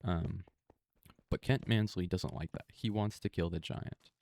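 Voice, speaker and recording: A man casually retelling a movie in a flat, monotone way over gameplay, speaking close to a desktop microphone with plenty of fillers. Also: sits low, measured pace, creaky. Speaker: gaming video creator.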